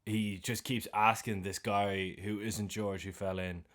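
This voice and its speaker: A man's voice: fairly low pitch, steady tone, unhurried, a bit bright. A young Irish man co-hosting a podcast, retelling a film's plot in a loose, chatty way with slang. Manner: retells scenes animatedly with slang and swearing. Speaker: podcast co-host. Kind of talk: casual film recap chat.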